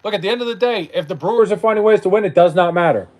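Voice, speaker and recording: A man's voice: high-pitched, rapid-fire, low-quality recording. A young man chatting casually on a late-night livestream, reading chat aloud and bantering with loose, profane talk. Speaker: live streamer.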